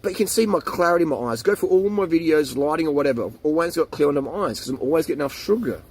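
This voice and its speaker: A man's voice: fairly high pitch, animated, very fast, a little hiss or hum. A man in his forties ranting to camera in a casual, mocking and jokey way, slipping into silly voices for made-up quotes. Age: 40s. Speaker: vlogger.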